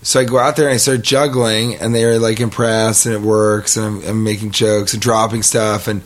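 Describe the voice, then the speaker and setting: A man's voice: lowish voice, moderate pace. A middle-aged man telling a rambling, comic story on a podcast, acting out the quotes as he goes. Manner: rambling, animated, acts out quotes. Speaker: podcast host. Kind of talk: casual comedic storytelling.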